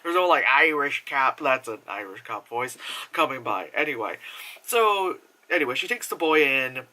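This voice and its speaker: A man's voice: mid-range voice, lively intonation, normal speed, bright, forceful tone. A man giving a casual, rambling movie review, full of fillers and swearing.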